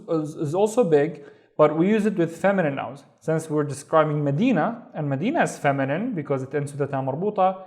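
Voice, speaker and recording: A male teacher with a somewhat high voice walks beginners through a reading lesson. He speaks slowly and patiently, sounding out each syllable and repeating every word several times. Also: darkish tone. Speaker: language teacher.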